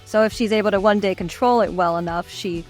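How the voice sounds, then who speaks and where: An enthusiastic woman chatting as a guest on a podcast, laughing often as she talks. She trails off mid-thought and picks up again in a relaxed, casual way. Faint music plays under her voice. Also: medium pitch, fast talker. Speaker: voice actor guest.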